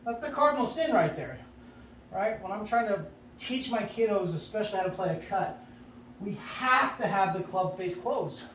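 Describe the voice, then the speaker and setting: A man's voice: high voice, expressive, moderate pace, fairly bright tone, reverberant, distant mic, slight background noise, rough recording. Chatty man coaching at a driving range. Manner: upbeat, chatty, self-coaching with frequent "right?". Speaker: golf instructor. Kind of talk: casual range-session coaching.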